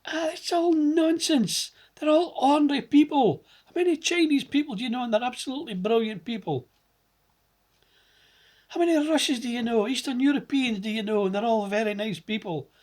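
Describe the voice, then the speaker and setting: A man's voice: very high voice, normal speed, a little mellow. A middle-aged man with a Scottish accent delivers a fired-up political monologue straight to the camera. He rants and drives his points home by repeating words over and over. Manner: ranting, repeats words for emphasis. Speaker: political commentator.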